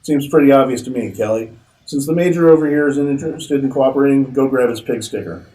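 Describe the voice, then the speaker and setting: A man voicing a determined male army captain who speaks gruffly and bluntly. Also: mid-range voice, fast, warm tone, echoey room, recorded from a distance, natural voice, poor audio.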